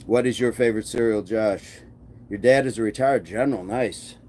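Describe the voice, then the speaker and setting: A man's voice: fairly low pitch, normal speed, darkish tone, slight background noise. A man hosting a fitness livestream, reading viewer comments aloud and answering them in a casual, encouraging, upbeat way. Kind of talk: casual live chat while working out.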